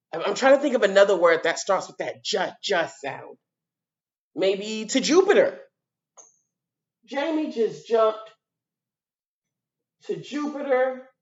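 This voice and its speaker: Female teacher, lively pitch, sounds out letters for kids, dull lo-fi video audio. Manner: animated, sounds out letters, repeats words slowly for children. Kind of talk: children's lesson on video.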